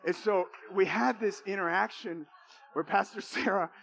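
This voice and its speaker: A man's voice: high-pitched, moderate pace, vocal fry, fairly bright tone. A man preaching a sermon, telling a personal testimony in an emphatic, repetitive way with emotional swings.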